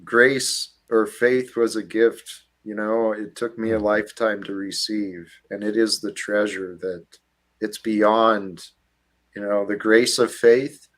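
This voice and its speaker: A man speaking slowly in a low voice, earnest and reflective as he describes his faith. He hosts a casual panel discussion. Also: steady tone. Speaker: host.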